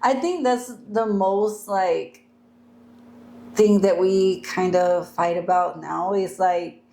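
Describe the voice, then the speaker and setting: A woman's voice: mid-range voice, steady tone, slow, vocal fry, dark tone. A woman co-hosting a podcast, chatting in a reflective, advice-giving way and laughing often. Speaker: podcast co-host. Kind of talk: casual chat.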